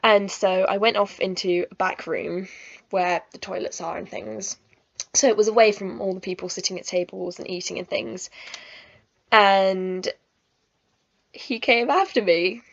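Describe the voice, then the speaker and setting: A woman's voice: mid-range voice, unhurried, no echo, muffled recording. Emotional young woman telling a story. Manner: emotional, giggly, chatty with many likes. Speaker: vlogger. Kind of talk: storytime vlog.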